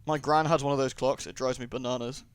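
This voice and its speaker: A young man with a medium-pitched, clean voice and fairly even intonation talks fast while playing a video game. As a let's play host, he jokes, chats, and riffs in asides over the game sound.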